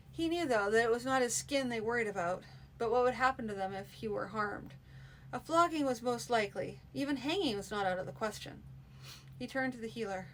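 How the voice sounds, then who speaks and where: A woman reading a fantasy manuscript aloud in a steady, unpolished live-streamed reading. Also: fairly high pitch, brisk, a little hiss or hum, rough recording. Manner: steady reading with frequent restarts. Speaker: narrator.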